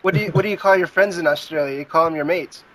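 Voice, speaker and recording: A man's voice: on the high side, racing, a bit bright, rough recording. A man in a casual podcast chat, teasing and playfully pushy.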